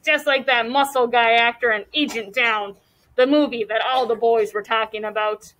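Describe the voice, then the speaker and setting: A woman teacher reading a chapter book aloud to a class, expressively, pausing to ask the class questions. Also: a little high, fairly even intonation, fairly bright tone, low-quality recording.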